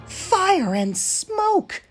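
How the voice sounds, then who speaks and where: A man voicing a cheeky, boastful little male tank engine with a high, excitable voice. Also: extremely slow, exaggerated voice. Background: music.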